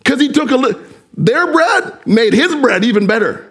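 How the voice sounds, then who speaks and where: A man preaching a sermon as pastor, animated and addressing the congregation with direct questions. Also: very high-pitched, moderate pace, husky.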